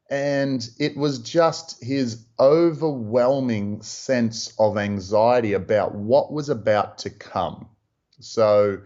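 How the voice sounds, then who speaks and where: An Australian man, a freediving instructor, telling stories in a relaxed, rambling interview style with plenty of fillers. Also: lowish voice. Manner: relaxed, rambling, lots of "you know". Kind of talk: casual interview storytelling. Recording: dull lo-fi audio.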